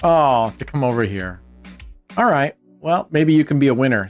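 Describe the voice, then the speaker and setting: A man with a medium-pitched, lively voice hosts a livestream giveaway at a moderate pace, with faint music playing behind him. He keeps the chat casual, joking and teasing viewers in playful banter.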